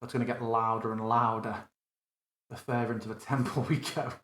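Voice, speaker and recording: A man's voice: medium pitch, flat delivery, fairly quick, a bit bright, roomy sound. A man running a live tabletop tutorial, thinking aloud casually and correcting himself as he builds a scene. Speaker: game master demonstrating a virtual tabletop. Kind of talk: live screen-recorded tutorial.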